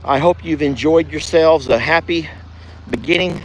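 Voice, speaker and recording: A man's voice: a little high, moderate pace, a little hiss or hum, poor audio. A man chatting folksily as host of a farm livestream, outdoors. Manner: folksy, chatty, calls loudly to his deaf dog. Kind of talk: casual livestream chat.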